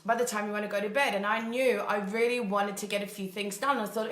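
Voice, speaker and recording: Bright-voiced woman, chatty coach. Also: mid-range voice, steady tone, quick pace, hardly any pauses. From Germany. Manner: chatty, upbeat, thinks aloud and laughs often. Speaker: mindset coach. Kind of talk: casual livestream talk. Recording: echoey room.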